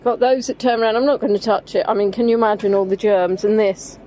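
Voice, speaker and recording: A woman's voice: mid-range voice, fairly even intonation, fast, mellow, a little hiss or hum. A woman with an English accent chatting casually on a live stream, rambling with many "um"s as she answers viewers. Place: outdoors on a riverside walk.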